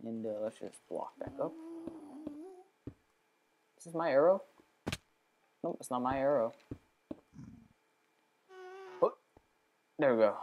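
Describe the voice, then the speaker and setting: A woman hosting a gaming channel, giving chatty let's play commentary straight to her viewers, with sudden excitable outbursts. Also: rumbling low, takes it slowly, pauses often, slight background noise.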